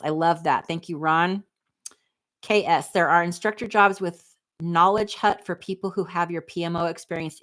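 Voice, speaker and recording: A lowish-voiced woman in her forties, chatting on a livestream. She reads viewer comments and answers them with candid, snarky asides. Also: fairly bright tone. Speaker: livestream host reading chat. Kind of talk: casual livestream chat.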